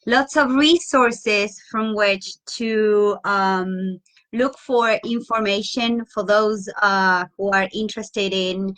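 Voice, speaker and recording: A woman moderating an open talk speaks slowly and unhurriedly. She sums up and thanks the guest in a calm wrap-up. Her voice has an average pitch. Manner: brief acknowledging interjections, slow wrap-up. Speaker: host.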